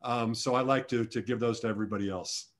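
A man's voice: medium pitch, steady tone, fast talker. A middle-aged man, a former football long snapper, answering interview questions in a rambling, self-deprecating way with many restarts. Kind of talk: conversational storytelling interview.

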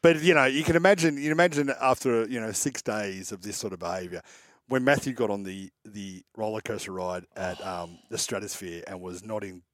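A man, co-hosting a radio show and telling lively anecdotes. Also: lowish voice, brisk, no echo. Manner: animated anecdote teller. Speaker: co-host. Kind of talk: casual banter and storytelling.

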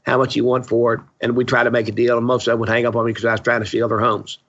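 On a dull, lo-fi podcast recording with a noisy background, a man in his seventies who invests in real estate tells stories in interview chat. He is blunt, opinionated and salty, talking very fast at medium pitch with a flat delivery.

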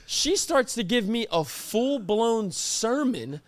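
A man with a high voice hosts a podcast, spinning a comic story with exaggerated, animated delivery. He talks in casual chat, pushing the jokes for effect. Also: takes it slowly, a little hiss or hum. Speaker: podcast host.

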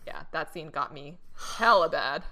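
A woman co-hosting a casual podcast chat, retelling drama scenes in a giggly, animated way. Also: sits low, normal speed, very noisy. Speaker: podcast co-host.

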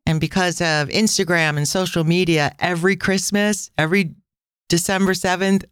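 Chatty woman hosting a podcast, smooth voice. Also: on the low side, fairly even intonation, moderate pace, no echo, clean studio sound. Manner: chatty storytelling with tangents and asides. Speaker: podcast host. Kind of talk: casual travel podcast chat.

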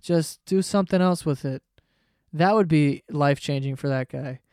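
A man's voice: a little high, moderate pace, darkish tone, no echo, clean studio sound. A man hosting a solo podcast in a casual comedic rant, profane, sarcastic and rambling. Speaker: podcast host.

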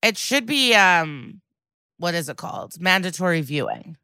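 An American woman co-hosting a podcast, chatting casually and animatedly with quick asides and laughter. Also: on the low side, very animated, pushed and bright, clear, resonant tone, dry recording. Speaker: podcast co-host. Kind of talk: casual chat.

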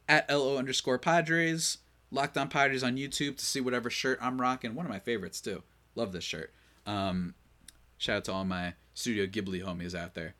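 A man hosting a casual sports podcast, opinionated and quick to rant in exasperation, running on little sleep. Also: medium pitch, fairly bright tone. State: short on sleep. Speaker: podcast host.

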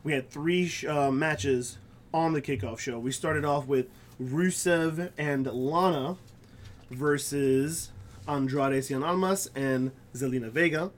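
A man hosting a wrestling podcast, chatty and quick to laugh in casual talk. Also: a little high. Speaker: podcast host. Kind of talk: casual chat.

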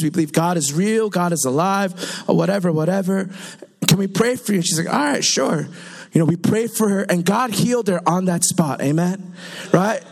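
A young man preaches to a congregation in a light, high-pitched voice. He tells his stories in a chatty, animated way, full of quick asides to the room. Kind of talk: sermon.

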